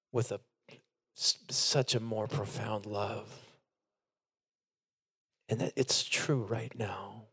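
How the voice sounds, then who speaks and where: A man's voice: lowish voice, steady tone, slow pace, long pauses, a bit bright, slightly rough. A middle-aged man preaching a sermon to his congregation in a church, earnest and direct. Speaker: pastor. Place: church sanctuary.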